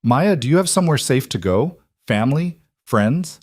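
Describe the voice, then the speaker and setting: A man voicing a cold, controlled mafia boss who speaks in low, clipped commands. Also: expressive, normal speed, no echo, studio quality, close to an everyday voice. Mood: protective, firm.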